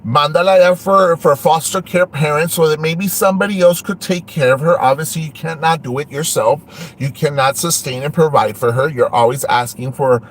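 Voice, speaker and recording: A man's voice: a little high, moderate pace, slight background noise. A man hosting an online show, ranting and taunting a rival, switching between English and Spanish. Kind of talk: ranting livestream talk.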